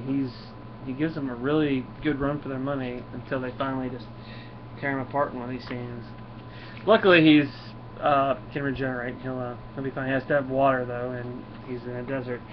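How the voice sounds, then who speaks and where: A man's voice: medium pitch, background noise. Man, casual comic review, filler-heavy, reads dialogue aloud, muffled lo-fi sound. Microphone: camera mic.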